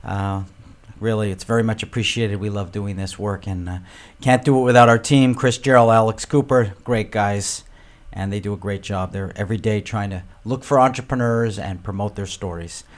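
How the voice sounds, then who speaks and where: A man's voice: lowish voice, normal speed. A man hosting a radio show about entrepreneurship, chatty and upbeat, with small jokes. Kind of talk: radio interview.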